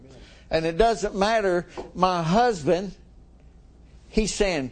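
A man's voice: sits high, takes it slowly, pauses often. A middle-aged man preaching a sermon in a folksy way, chuckling with his congregation.

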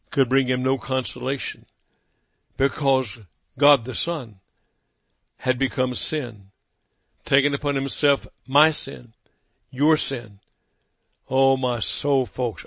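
A man preaching a sermon, emphatic, repeating phrases for effect and swinging between loud declarations and hushed, low passages. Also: dry recording.

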